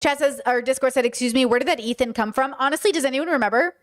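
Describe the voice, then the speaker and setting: A young adult woman hosting a casual livestream commentary, blunt and animated, now and then slipping into silly voices and sung bits. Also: high voice, quick pace, hardly any pauses. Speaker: podcast host and live streamer.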